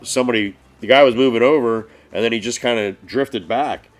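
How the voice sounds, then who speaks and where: A man on a casual live stream, telling road stories in an animated way and swearing a lot. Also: medium pitch, a little fast. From northeastern US. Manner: animated storytelling, heavy swearing. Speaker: podcast co-host.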